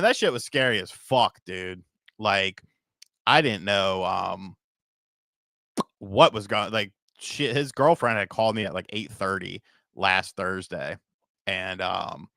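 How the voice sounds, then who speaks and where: The man's fairly low voice is sharp, clear, and resonant, recorded in a clean studio without echo. Hosting a podcast livestream on a short night's sleep, he rambles casually, swears, reads donations, and laughs at his own bits.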